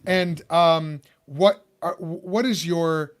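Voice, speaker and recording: Speaking extremely slowly, this podcast host from Chicago, USA, has a fairly high pitch and fairly even intonation. He's chatty and rambling in a casual interview, full of fillers and false starts.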